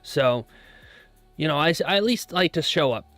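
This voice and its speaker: A man's voice: fairly high pitch, expressive, moderate pace, a bit bright, no echo, faint music behind. A man hosting a trading live stream, chatting casually and easily with his viewers while checking charts. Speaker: livestream host, futures trader.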